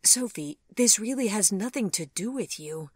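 A woman's voice: medium pitch, expressive, normal speed, no echo, studio quality, pitched above the performer's own voice, natural voice. A woman voicing a proud, composed mother who speaks firmly and reassuringly in a storybook reading. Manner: firm and reassuring.

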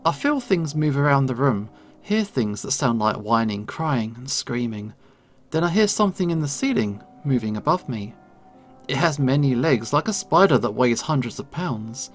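A man, a gaming YouTuber, reading a visual novel aloud with expressive, dramatic delivery and brief casual asides. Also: medium pitch, normal speed, faint music behind.

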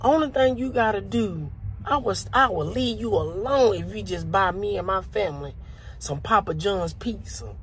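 A man voicing a streetwise male cockroach who talks in a gruff, profane, bargaining way. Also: sits high, lively intonation, moderate pace, fairly bright tone, a little hiss or hum. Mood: bossy. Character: streetwise talking male cockroach, bossy and blunt.

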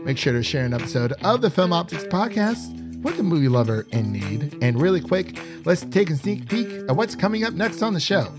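A man's voice: on the high side, big pitch swings, a little fast, music in the background. A man co-hosting a podcast, chatting casually and laughing often as he rambles through a review. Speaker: podcast co-host.

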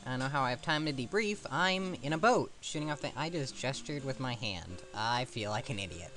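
A man narrates a retro game run in a lively, up-and-down voice, rambling between jokes at his own expense. Faint guitar music plays softly behind him. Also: mid-range voice, a little fast. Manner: rambling, self-mocking asides. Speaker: let's play commentator. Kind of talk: casual gameplay commentary.

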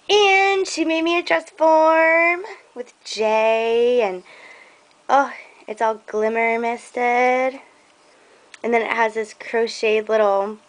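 A woman's voice: a little high, low-quality recording. A young woman showing off craft gifts on camera, gushing and effusive about everything. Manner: gushing and effusive, slow and drawn out. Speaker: crafting vlogger. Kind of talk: casual show-and-tell unboxing.

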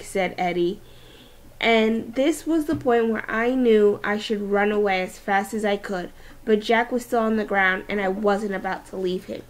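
A woman teacher reading a novel aloud, expressive and with small restarts. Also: medium pitch, a little slow.

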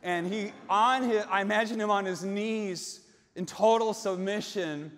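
Pastor guy telling a bible story, voice runs high, takes his time, goes from hushed to shouting, big echoey church. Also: measured pace. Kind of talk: sermon. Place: large church sanctuary. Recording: long reverb in a large sanctuary.

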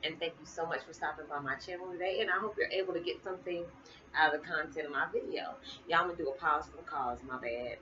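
A tired middle-aged woman chatting casually to her viewers, colloquial and quick to laugh. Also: low voice, bright, forceful tone. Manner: chatty, laughs often, colloquial Southern-leaning speech. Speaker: spiritual vlogger. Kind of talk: casual chat to camera. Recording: muffled with noticeable background hiss.

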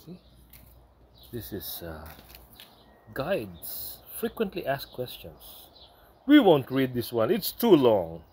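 A man casually unboxing a product, reading the label aloud and breaking into excited asides, at home in New Zealand. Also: medium pitch, slow, pauses often, a little hiss or hum. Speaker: unboxing vlogger.

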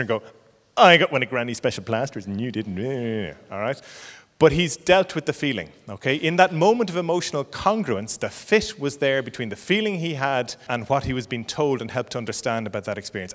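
A middle-aged Irish psychologist giving a parenting talk, explaining patiently and checking in with frequent "okay?". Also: male voice, mid-range voice, fairly bright tone, in a large hall. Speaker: clinical psychologist.

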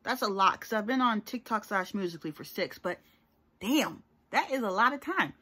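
A woman's voice: mid-range voice, expressive, moderate pace, pushed and bright, husky. A young woman talking casually to her viewers in a rambling, chatty vlog. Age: young adult. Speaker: YouTuber.

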